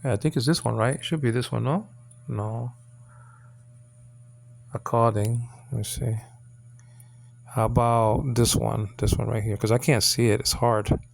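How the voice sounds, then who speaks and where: A man leads an informal Hebrew lesson on his own channel, his voice gravelly with fry. He talks haltingly, repeats himself, and keeps checking in with his listeners. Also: medium pitch, fairly even intonation. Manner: halting, repeats words, many fillers; coaxing checks like "okay?" and "you understand?". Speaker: channel host teaching Hebrew.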